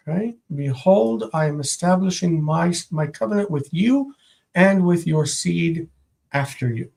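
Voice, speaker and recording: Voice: mid-range voice, animated, unhurried, creaky, a little mellow. A teacher giving a live-streamed Biblical Hebrew grammar lesson, sounding out Hebrew words and translating them, thinking aloud and repeating words while explaining.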